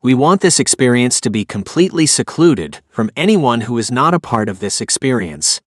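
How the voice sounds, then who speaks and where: A genial, businesslike host of a secluded retreat, as a male narrator reads him. His mid-pitched voice comes across smooth and brisk. The audiobook sound is dry and close. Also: big pitch swings, no echo.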